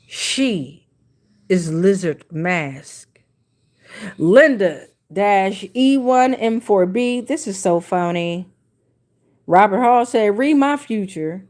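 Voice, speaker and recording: Slow, laid-back woman astrology reader. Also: medium pitch. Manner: laid-back, slangy, reads viewer comments aloud. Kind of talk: casual livestream chat.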